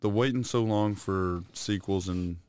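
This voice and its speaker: A man with a lowish voice co-hosting a casual podcast. He jokes and curses with deadpan asides. The sound is close and dry. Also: measured pace, clean tone, no echo. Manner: joking, profane, deadpan asides. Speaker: podcast co-host. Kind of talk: casual chat.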